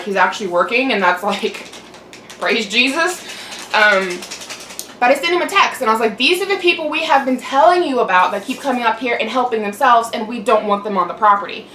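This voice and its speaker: A woman's voice: on the high side, bright, forceful tone. A young adult woman in a casual venting chat as a mukbang vlogger, chatty and aggravated, swearing and saying "like" a lot. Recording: roomy echo, mic at a distance, faint hum.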